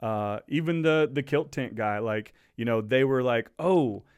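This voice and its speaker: A man's voice: mid-range voice, smooth, no echo. Easygoing man, dry close sound. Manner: easygoing, halting with fillers. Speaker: podcast co-host. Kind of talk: casual chat.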